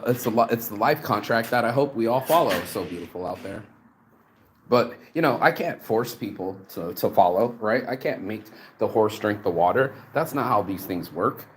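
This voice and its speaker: A man's voice: mid-range voice, rough recording. A man giving an unscripted motivational talk, asking rhetorical questions and often restarting his words. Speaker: motivational vlogger. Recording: outdoor traffic noise.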